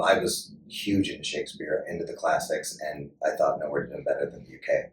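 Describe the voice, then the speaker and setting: A man from Illinois, an actor and podcast guest, telling lively anecdotes in a casual interview and laughing as he talks. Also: extremely low pitch, fairly quick. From Joliet, Illinois, USA. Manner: lively anecdotal storyteller, laughs while talking. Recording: echoey room, mic at a distance, faint noise.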